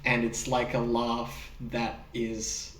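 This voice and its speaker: A man co-hosting a podcast in a casual film discussion, talking in an animated way with laughs and the odd swear word. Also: medium pitch, slow, distant mic, slight background noise. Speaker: podcast co-host. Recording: roomy sound, speaker off the mic.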